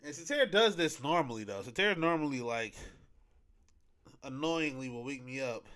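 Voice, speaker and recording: A man's voice: mid-range voice, expressive, moderate pace, a bit bright. A young man hosting a podcast, telling a personal story in casual, slangy, rambling talk full of fillers. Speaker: podcast host.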